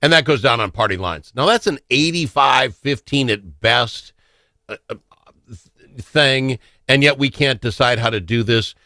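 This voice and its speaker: A man's voice: medium pitch, normal speed, sharp tone, no room sound, studio quality. A man hosting a radio talk show in a teasing, opinionated, casual way.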